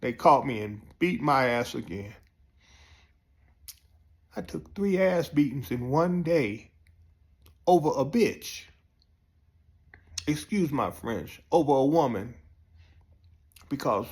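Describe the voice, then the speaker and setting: A man telling a profane comic story, jumping up high when excited. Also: slow, long pauses. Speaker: comedian storyteller. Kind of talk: comic monologue.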